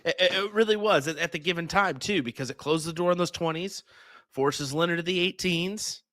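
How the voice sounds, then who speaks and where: A man's voice: a little high, a little fast, fairly bright tone, no room sound. A man commentating a live darts match, giving chatty, upbeat analysis.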